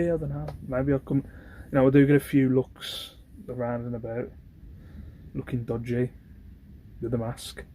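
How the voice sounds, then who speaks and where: A man's voice: mid-range voice, mellow, slight background noise. A young British man, the host, telling a story in a casual, rambling way and often asking if you know what he means. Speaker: host, online reseller.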